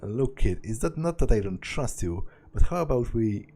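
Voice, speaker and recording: A man reading the lines of a gruff, streetwise male vampire fixer with a gravelly voice, brusque and calling the listener kid. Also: mid-range voice, animated, normal speed, mellow. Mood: testing.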